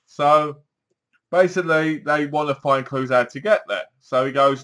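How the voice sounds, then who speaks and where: A man's voice: mid-range voice, normal speed, fairly bright tone. A man giving a casual spoken review of a TV episode, acting out the scenes as he retells them. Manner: chatty, acts out scenes with sighs and gasps.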